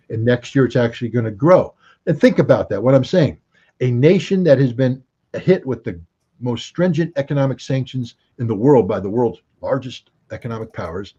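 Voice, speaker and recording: A man's voice: medium pitch, dark tone, slightly rough. An American man giving emphatic, argumentative commentary as an interview guest, fond of rhetorical questions, on dull lo-fi call audio. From United States.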